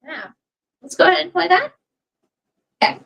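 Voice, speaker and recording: A woman's voice: very high voice, very animated, normal speed, gravelly, fairly bright tone, recorded from a distance, poor audio. A woman co-hosting a casual chat stream, agreeable and hedging her opinions. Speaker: co-host of a wrestling recap stream.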